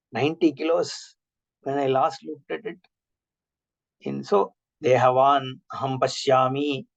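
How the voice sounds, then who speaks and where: Gravelly-voiced man teaching scripture. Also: medium pitch. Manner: explains with rhetorical questions and everyday examples, chants Sanskrit terms slowly. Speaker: Vedanta teacher. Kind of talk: online scripture class lecture. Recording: dull lo-fi online class audio.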